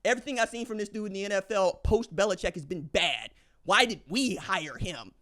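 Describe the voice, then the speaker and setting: A man with a high-pitched speaking voice delivers opinionated sports commentary as a podcast host. He talks in a slangy, emphatic way and hammers his points by repeating phrases. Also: expressive, fairly quick, sharp tone.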